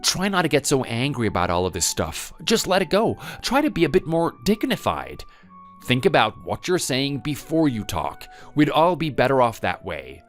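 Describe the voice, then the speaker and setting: Peacemaking husband, soothing, mid pitch; actor. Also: male voice, huge pitch swings, normal speed, faint music behind. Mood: placating. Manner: soothing, placating. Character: calm husband who plays peacemaker. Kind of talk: scripted text-story drama.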